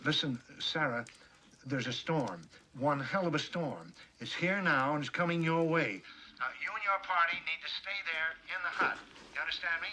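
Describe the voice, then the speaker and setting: A man's voice: on the high side, moderate pace, sharp tone. An actor playing a worried male radio contact giving urgent warnings, heard through a radio transmission. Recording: thin radio transmission with hiss.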